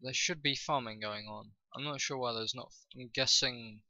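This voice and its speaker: A man giving casual commentary over his own gameplay, thinking aloud with frequent fillers and pauses. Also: medium pitch, bright, forceful tone, no echo, low-quality recording. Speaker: gaming video host.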